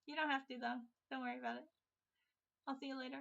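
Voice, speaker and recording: A woman's voice: high-pitched, flat delivery, fast talker, vocal fry, a bit bright, lo-fi sound. A young British woman talking casually as a comic artist, rambling and correcting herself with giggles. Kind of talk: casual chat.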